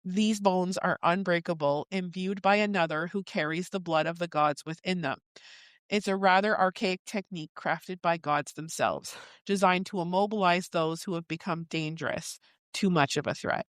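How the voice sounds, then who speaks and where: A woman's voice: fairly low pitch, moderate pace, no room sound. A woman co-hosting a book podcast, summarizing chapters casually with quoted asides and the odd swear word. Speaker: podcast co-host.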